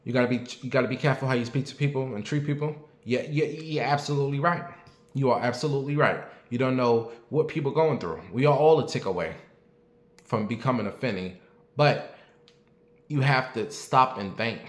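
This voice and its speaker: A man in his late thirties, speaking at an ordinary middle pitch, hosts a casual commentary show from home. He talks bluntly, swears freely and keeps asking his audience for their opinion. His voice echoes around the room. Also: fairly quick. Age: late 30s. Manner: blunt, profane and talkative, asking the audience questions. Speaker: show host.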